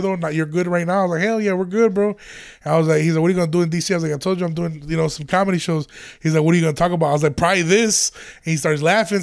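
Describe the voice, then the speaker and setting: A man's voice: high voice, creaky. A young man, a comedian, casually telling a long story with lots of profanity, rambling restarts and quoted voices. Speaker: stand-up comedian.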